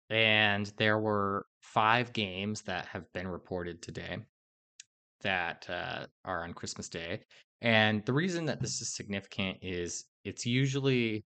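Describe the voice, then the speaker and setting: A man with a very deep voice hosting a sports podcast. He speaks in a measured way and moves between topics with short "um" fillers. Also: fairly bright tone. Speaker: podcast host.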